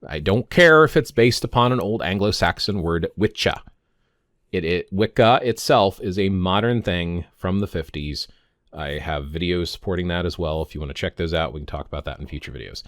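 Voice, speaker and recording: With a low, fairly bright voice, lively intonation and a moderate pace, a pagan vlogger in his fifties talks casually to camera. He rambles, stumbles on words and often stops to correct himself, in a studio-quality recording without echo.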